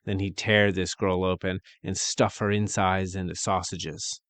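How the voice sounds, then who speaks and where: A man narrating a dark fantasy story in a measured, dramatic way with archaic phrasing. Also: low-pitched, flat delivery, clear, resonant tone, dry recording.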